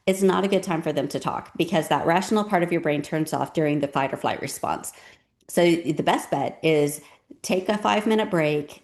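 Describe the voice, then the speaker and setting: A woman's voice: sits low, darkish tone. A woman giving parenting advice in a casual, conversational talk, often saying "um" and "you know.".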